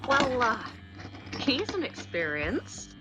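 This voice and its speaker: A woman playing a tabletop role-playing game, speaking slowly and deliberately. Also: fairly high pitch, big pitch swings, over loud music, poor audio. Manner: slow, thoughtful, deliberate. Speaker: player. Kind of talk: tabletop role-play as a player.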